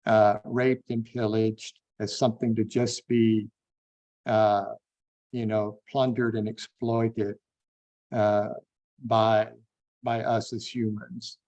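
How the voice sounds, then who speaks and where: A man teaching a Bible class, unhurried and thinking aloud with frequent fillers. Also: on the low side, little pitch movement, a little mellow, dull audio. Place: online classroom.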